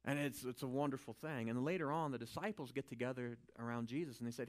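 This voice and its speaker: Teaching from the Bible in a casual, lively way, this man shifts from hushed asides to loud emphasis and keeps checking in with "right?". He speaks at medium pitch, fast, with hardly any pauses.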